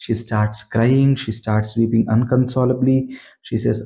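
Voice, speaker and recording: A man walks listeners through an old epic. His voice is warm and mellow, and he repeats phrases earnestly to press a point home. The recording sounds a little muffled and lo-fi. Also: mid-range voice, little pitch movement, unhurried, gravelly. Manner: earnest, plain-spoken, repeats for emphasis. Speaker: scripture storyteller. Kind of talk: explanatory retelling of an epic.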